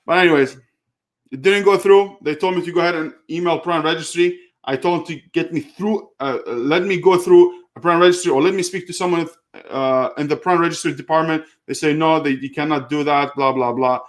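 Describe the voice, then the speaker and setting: A man's voice: on the high side, fairly quick. A man talking casually through a step-by-step online seller tutorial, with frequent fillers and a heated edge. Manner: casual, many fillers, gets heated retelling a call. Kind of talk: screen-share tutorial with live Q&A.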